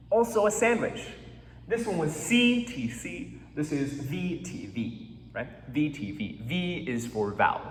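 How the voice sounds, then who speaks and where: A man's voice: medium pitch, far from the mic, a little hiss or hum. Man teaching in an echoey hall. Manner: repeats words slowly to demonstrate sounds; checks in often with the class. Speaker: English pronunciation teacher. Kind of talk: classroom lesson.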